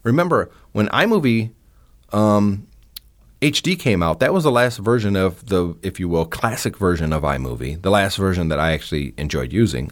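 Deep-voiced chatty male podcast host. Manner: chatty, opinionated, with frequent fillers and restarts. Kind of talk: casual solo podcast talk. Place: indoor home studio.

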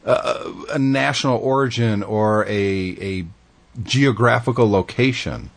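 A man's voice: mid-range voice, animated, unhurried, vocal fry. A man hosting a casual interview and asking curious questions. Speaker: host.

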